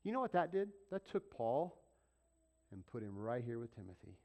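A man preaching a sermon as pastor, swinging between loud, emphatic peaks and hushed whispers. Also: medium pitch, sing-song, normal speed.

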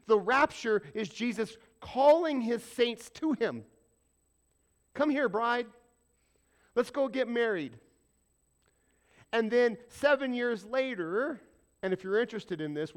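A man preaching a sermon as pastor, animated and conversational, often putting questions to the congregation. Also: high-pitched.

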